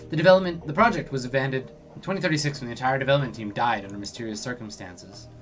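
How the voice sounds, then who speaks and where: A man's voice: mid-range voice, racing, fairly bright tone, faint music behind, close to an everyday voice. A man voicing the formal, stiff simulacrum of a woman hacker in a video game. He reads the lines precisely and formally.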